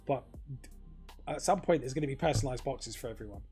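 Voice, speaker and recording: A man's voice: mid-range voice, expressive, fast, warm tone, faint music behind. A man talking casually to camera in a rambling, filler-heavy monologue, swearing freely. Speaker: crypto vlogger.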